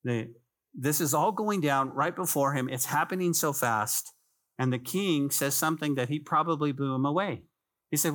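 Pastor with a slightly high voice, casual sermon. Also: male voice, normal speed, a bit bright. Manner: conversational preaching, addresses listeners as "guys", repeats phrases for emphasis.

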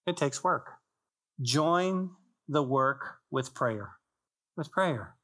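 With a medium pitch, lively intonation, drawn-out words, and a fairly bright tone, a man preaches in a church. His sermon is emphatic and repetitive, full of rhetorical questions and joking, conversational asides to the congregation.

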